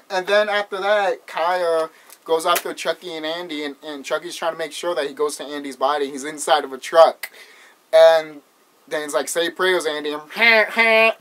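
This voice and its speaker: A man's voice: a little high, fairly bright tone. Rambling, swearing man recapping a movie. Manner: rambling, swears a lot, laughs while retelling. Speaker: movie reviewer.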